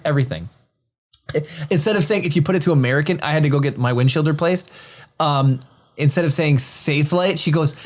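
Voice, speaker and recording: Male podcast co-host, thirties, slightly high voice, animated rambler. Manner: rambling, animated storytelling with restarts. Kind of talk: casual chat.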